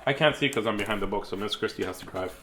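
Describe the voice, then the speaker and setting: A man's voice: on the low side, racing, background noise. A man reading a picture book aloud, chuckling and adding chatty asides to the listeners. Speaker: storybook reader.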